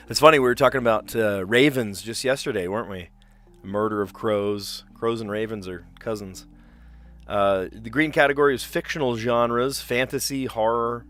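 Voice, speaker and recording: A man's voice: mid-range voice, a bit bright. A man from South Jersey hosting a livestream, chatting casually and thinking aloud as he works through word puzzles, often second-guessing himself.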